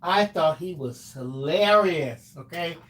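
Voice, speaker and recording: A man's voice: a little high, lively intonation, slow pace, a bit bright, a little hiss or hum. Chatty man co-hosting a craft stream. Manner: chatty, breaks into song. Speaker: co-host. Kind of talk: casual livestream chat.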